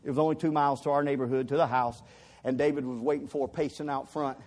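A man as a pastor, preaching a sermon as an animated story with rising emphasis. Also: mid-range voice, fast talker.

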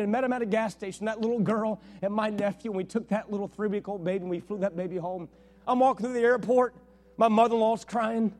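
A male pastor with a notably high voice preaches through a personal story. He talks casually and animatedly and slips into the voices of the people in the story. Soft music sits faintly underneath. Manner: conversational, animated retelling with quoted dialogue. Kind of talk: sermon storytelling.

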